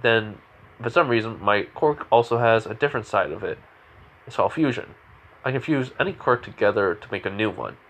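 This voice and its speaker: A man's voice: fairly low pitch, expressive, brisk, a bit bright. Man doing a young hero boy, eager, boastful, explaining, near his own voice.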